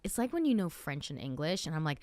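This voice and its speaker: A woman's voice: sits low, big pitch swings, fast talker, darkish tone, no echo. A woman in her thirties, born in South Africa, hosting a podcast with a mixed Australian and American accent, talking animatedly and swearing casually. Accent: Australian with American mix. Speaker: podcast host. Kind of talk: casual interview chat.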